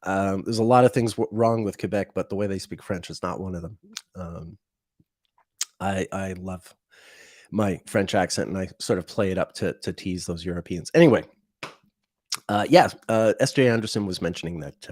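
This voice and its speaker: A man with a somewhat low voice hosts a casual livestream. He rambles, restarts his sentences and chuckles at his own wry asides. The sound is dry and close, with no room in it. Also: darkish tone, dry recording. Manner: rambling, halting, many fillers and restarts. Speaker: livestream host. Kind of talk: casual unscripted livestream talk.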